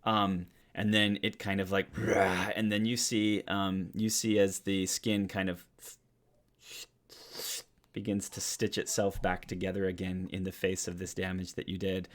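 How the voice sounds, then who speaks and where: A man's voice: deep voice, little pitch movement, unhurried. A man narrating as the dungeon master of a tabletop game, in a casual way with many fillers and restarts.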